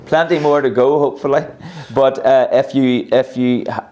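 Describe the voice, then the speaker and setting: A man interviewing an older guest, asking questions in a gentle, halting way. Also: mid-range voice, steady tone, a little hiss or hum. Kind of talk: conversational interview.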